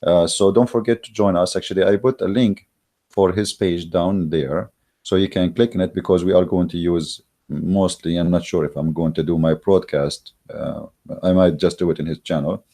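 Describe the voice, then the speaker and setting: A man speaks in a fairly low, warm-toned voice. He delivers a heated, mocking polemic, piling on emphasis and stumbling through fillers as he argues. The tone stays scornful and combative throughout. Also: steady tone, moderate pace. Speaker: online religious debater. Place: recorded while in Germany.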